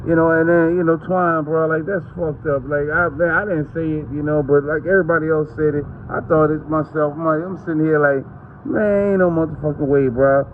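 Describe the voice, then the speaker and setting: A man's voice: fairly high pitch, little pitch movement, a little fast, few pauses, phone-quality sound, slight background noise. A man, ranting to camera in a heated, profane, rambling way. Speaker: vlogger.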